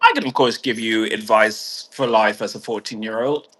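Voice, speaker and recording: A man's voice: fairly low pitch, moderate pace, a bit bright, breathy edge. A man delivering a heated, sardonic monologue full of swearing, speaking as a vlogger. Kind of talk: ranting monologue.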